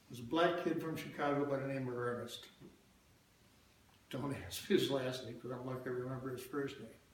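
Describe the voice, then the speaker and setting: In a heavily reverberant church hall with faint ambience and a little hiss or hum, an older man of medium pitch speaks to the congregation. His personal story is folksy and plain-spoken, sprinkled with asides to those listening.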